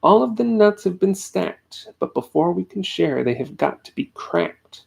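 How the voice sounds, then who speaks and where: Male reader as a bossy scheming bug, raised pitch, gravelly edge. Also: sing-song, a little slow, darkish tone, exaggerated voice. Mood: smug. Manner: bossy, taunting.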